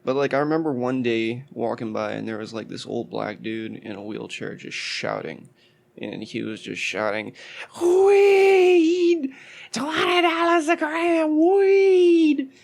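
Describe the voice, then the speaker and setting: A man co-hosting a podcast, telling stories and joking in relaxed, animated chat. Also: on the low side, moderate pace, gravelly. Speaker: podcast co-host. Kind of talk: casual podcast storytelling.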